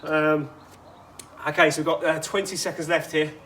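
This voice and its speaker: A man's voice: fairly high pitch, flat delivery, moderate pace, a bit bright, slight background noise. A man coaching a workout outdoors, chatty and instructive with personal asides. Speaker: fitness coach.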